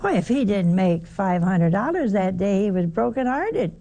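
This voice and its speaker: An older woman preaches a sermon slowly, full of rhetorical questions to her listeners. Her voice is dark and mellow, with a gravelly, husky edge. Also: medium pitch, sing-song.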